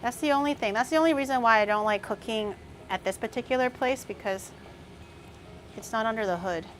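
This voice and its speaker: Chatty high-voiced woman cooking on stream. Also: a little fast, a little hiss or hum. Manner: chatty, thinks aloud, snaps back at chat. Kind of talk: casual cooking livestream chat.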